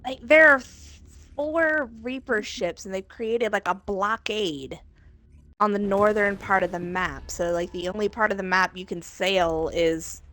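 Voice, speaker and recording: A woman's voice: mid-range voice, a little slow, a bit bright. A woman chatting casually while playing a game, with laid-back, dry replies. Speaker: co-player. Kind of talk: casual chat while gaming.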